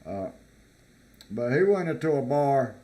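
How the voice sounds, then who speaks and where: This American vlogger has a mellow, medium-pitched voice with big swings in pitch. He reads from a list in a relaxed, halting style, repeating words and using fillers in his comments.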